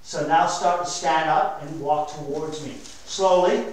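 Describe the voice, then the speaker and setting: A man coaching a dog owner in a hands-on training demonstration, energetic and direct. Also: a little high, unhurried. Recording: echoey room, mic far off.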